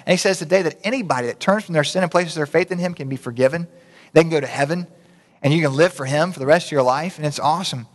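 A man's voice: fairly high pitch, fast. A man preaching a sermon in a conversational, folksy way, with asides to the congregation. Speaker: pastor. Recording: reverberant hall.

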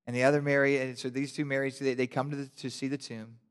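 A male pastor preaching a sermon, telling the story animatedly and building to loud, passionate emphasis. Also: mid-range voice, flat delivery, fast, smooth. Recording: long hall reverb.

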